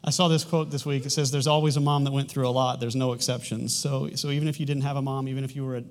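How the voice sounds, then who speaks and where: A man's voice: medium pitch, level tone, fast. A man in his thirties delivers a sermon in a loose, conversational way. He often restarts his sentences and lets a light humor through as he goes. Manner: conversational and rambling, with frequent restarts. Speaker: pastor.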